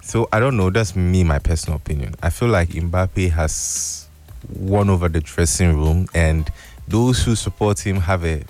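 A man with a Ghanaian English accent hosting a radio show, talking in a lively, playful way with local slang. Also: low-pitched, normal speed, faint music behind. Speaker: radio host. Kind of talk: radio show chat with live ad read.

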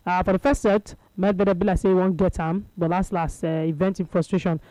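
A woman's voice: lowish voice, level tone, fairly quick, mellow, no room sound, poor audio. A woman with a Nigerian accent hosting a casual radio sports show, chatty and laughing, slipping into Pidgin with many fillers.

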